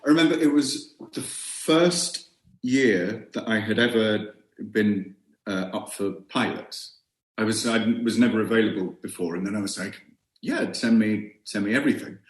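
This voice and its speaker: A man's voice: fairly low pitch, moderate pace. A middle-aged British man, a guest actor, chatting casually in a wry, self-deprecating way. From Britain. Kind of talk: casual podcast chat. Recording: roomy echo.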